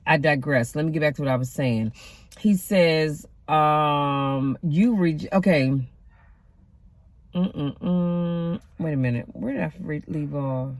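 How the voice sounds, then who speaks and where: A woman's voice: deep voice, unhurried, no room sound. A middle-aged woman giving a casual motivational talk from inside a car, emphatic and conversational with a sassy, preacher-like edge. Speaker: deacon and motivational vlogger.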